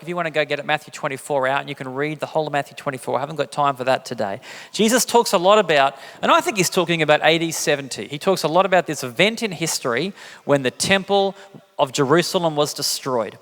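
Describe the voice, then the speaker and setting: Chatty, jokey preacher in a church hall. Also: male voice, animated, quick pace, fairly bright tone. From England. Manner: conversational, jokey, acts out quotes with big pitch jumps. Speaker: pastor. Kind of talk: sermon.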